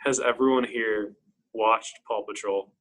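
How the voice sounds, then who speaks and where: A man's voice: lowish voice, fairly even intonation, unhurried, a bit bright, low-quality recording. A young man in casual group chat, laid-back and a little hesitant.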